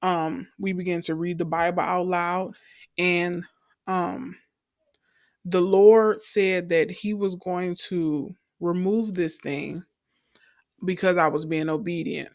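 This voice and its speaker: A woman's voice: fairly low pitch, fairly even intonation, slow pace, dry recording, studio quality. A young adult woman, telling her personal faith testimony in an earnest storytelling way and calling the listeners y'all. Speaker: testimony speaker.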